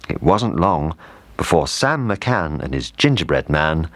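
A man reading a children's storybook aloud with expressive, lively intonation. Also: very deep voice, unhurried, no echo.

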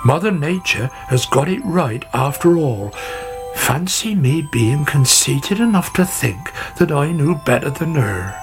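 A man's voice: a little high, expressive, unhurried. A man voicing a fussy, conceited old male gardener with grumbling exclamations, over background music. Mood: rueful. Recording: music playing under the voice.

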